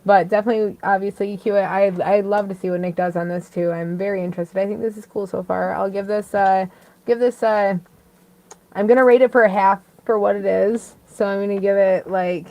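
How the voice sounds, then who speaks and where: A woman's voice: mid-range voice, fairly even intonation, brisk, warm tone. A woman with a Canadian accent giving a casual music review, chatty and giggly, with many fillers. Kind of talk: casual chat.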